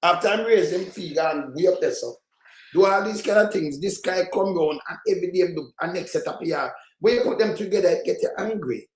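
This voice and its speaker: A high-pitched man with a thick Jamaican Patois accent rants at political clips, cursing and scolding without a pause. His voice rings out in an echoey room. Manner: heated, profane, scolding rant. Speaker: political commentator. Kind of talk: reaction commentary on played clips.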